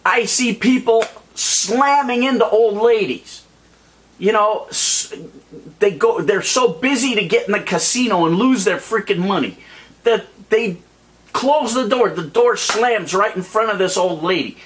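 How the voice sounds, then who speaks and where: A man's voice: sits high, a little slow, a bit bright. A man ranting heatedly to camera in a vlog, exasperated and worked up. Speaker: YouTube vlogger.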